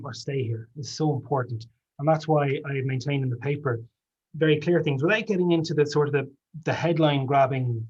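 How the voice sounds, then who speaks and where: Earnest middle-aged Irish politician. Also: male voice, medium pitch, darkish tone, breathy edge, muffled recording. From Ireland. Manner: earnest, many restarts and asides. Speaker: politician presenting a policy paper. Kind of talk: answering audience questions in a panel discussion.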